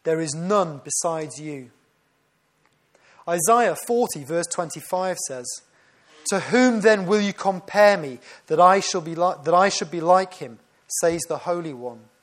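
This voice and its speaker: Guy giving a sermon, high voice, earnest, keeps correcting himself. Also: lively intonation, moderate pace, fairly bright tone. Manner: earnest, with frequent self-corrections. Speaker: preacher.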